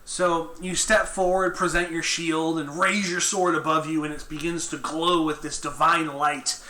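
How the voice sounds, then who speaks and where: A man's voice: a little high, level tone, normal speed, bright, forceful tone. A man running a tabletop game as game master, describing the action and patiently explaining the rules. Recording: roomy echo, faint noise.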